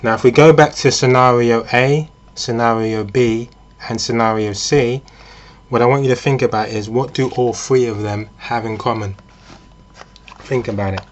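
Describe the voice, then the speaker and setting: A man's voice: medium pitch, steady tone, moderate pace, dull audio. Man talking through hypotheticals. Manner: conversational, with frequent fillers and restarts. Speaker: vlogger. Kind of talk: casual monologue with hypothetical scenarios.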